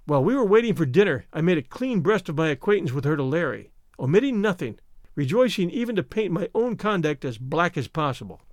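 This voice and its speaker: A man reading a classic novel aloud as a podcast narrator, expressive and voicing the characters' quarrels. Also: fairly high pitch, brisk, no echo, studio quality. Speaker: audiobook narrator.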